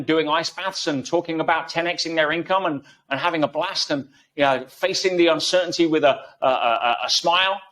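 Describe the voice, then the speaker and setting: A man's voice: a little high, fairly bright tone. A man guest in an interview, explaining ideas emphatically through everyday analogies. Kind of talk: conversational interview.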